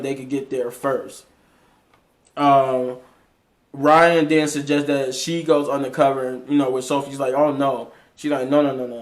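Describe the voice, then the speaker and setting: A man casually recapping a TV episode in a rambling way, with frequent restarts and fillers. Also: mid-range voice. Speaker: TV episode reviewer.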